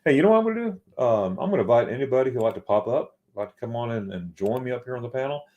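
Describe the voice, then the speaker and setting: A man's voice: medium pitch, lively intonation, rapid-fire, lo-fi sound. A man hosting a casual late-night live chat, rambling and repeating words as he talks, tired after staying up all night. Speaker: host.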